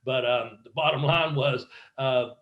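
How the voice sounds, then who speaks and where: A former wrestler telling stories in a casual interview, swearing freely and acting out what other people said. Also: male voice, mid-range voice, a little slow, lo-fi sound. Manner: profane, animated storyteller acting out quotes. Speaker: guest, former pro wrestler.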